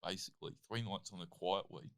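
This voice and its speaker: Brief: animated Australian guy, storyteller, lowish voice. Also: fairly quick, clear, resonant tone. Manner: animated, lots of "like" and "I'm like". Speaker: guest, athlete and comedian. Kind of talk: casual interview storytelling.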